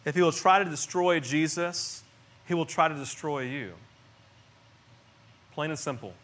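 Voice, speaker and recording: A middle-aged man delivering a sermon, his voice sitting somewhat high for a man. He speaks earnestly and conversationally, restarting phrases and moving between hushed and louder moments. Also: unhurried. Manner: earnest and conversational, with frequent restarts and swings in loudness. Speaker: pastor.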